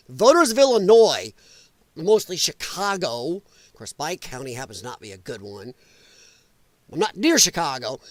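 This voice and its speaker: Man, livestream political host, rambling, sarcastic, swooping pitch, dry recording. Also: dry recording. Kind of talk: casual live political commentary.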